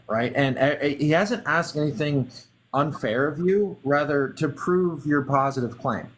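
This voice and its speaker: A man hosting a live-stream debate, calming both sides and asking to keep it fair. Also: a little high, a little hiss or hum, rough recording. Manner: placating, keeps calling for fairness. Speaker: live-stream host and moderator.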